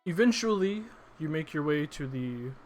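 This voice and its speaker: A man narrating a tabletop game as game master, measured and descriptive. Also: a little high, animated, a little mellow, soft background music.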